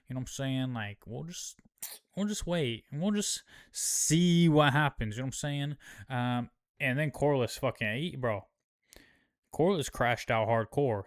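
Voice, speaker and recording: Male host, resonant clear voice, mid pitch, laid-back slangy recap style with swearing and fillers. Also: animated, measured pace, dry recording, studio quality. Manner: slangy, profane, rambling with fillers. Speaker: show host. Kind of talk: casual TV episode recap.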